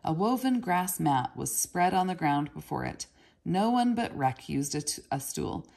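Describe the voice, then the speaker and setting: Woman narrator for a read-aloud novel; low-pitched with a gravelly texture. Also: big pitch swings, unhurried, darkish tone. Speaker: reader.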